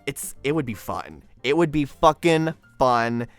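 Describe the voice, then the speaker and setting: A man's voice: mid-range voice, big pitch swings, measured pace, dry recording, faint music behind. A man hosting a casual group chat online, rambling with many fillers and restarts. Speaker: podcast host.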